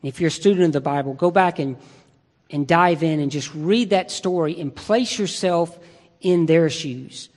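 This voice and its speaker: A man with a fairly high voice preaches slowly and deliberately. He talks to his listeners as if in conversation, leaning on rhetorical questions. His words ring out with a long reverb in a large church hall. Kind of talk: sermon.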